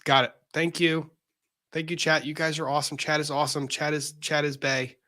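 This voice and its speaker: A man's voice: a little high, little pitch movement, a little fast, pushed and bright. A man hosting a casual livestream, chatting and reading viewer messages aloud. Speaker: livestream host reading super chats.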